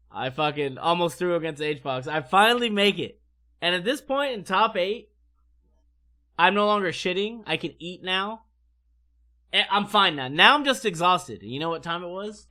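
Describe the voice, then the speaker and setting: A male streamer spins a rambling, profane story for his chat. His voice sits a little high and sounds bright and forceful. He is animated and loose throughout. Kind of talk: casual storytelling.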